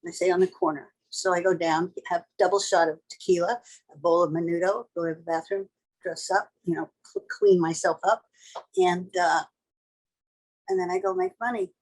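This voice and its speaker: A woman's voice: on the low side, fairly even intonation, moderate pace, rough recording. An older woman, a tattoo artist, telling a vivid story in a blunt, casual and sometimes profane way.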